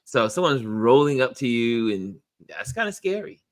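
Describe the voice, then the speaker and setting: A man's voice: mid-range voice, very animated, moderate pace. A man hosting a live online talk show, playful, reading viewer comments aloud. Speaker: host.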